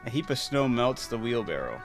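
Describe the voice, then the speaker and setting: A man's voice: medium pitch, big pitch swings, brisk, over music. A man playing a video game, casually reading its text aloud and chatting, laughing often. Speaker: gaming streamer.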